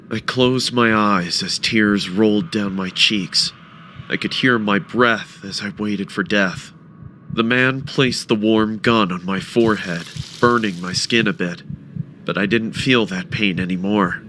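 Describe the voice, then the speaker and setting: A man narrating a first-person horror story with a dramatic, expressive delivery. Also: fairly low pitch, measured pace, slight background noise.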